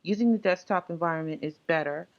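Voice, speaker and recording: Relaxed and unscripted, a somewhat low-voiced woman narrates her screen as she sets up software for a tutorial. Frequent ums and uhs fill the gaps while she clicks along, and the audio comes across dull and lo-fi.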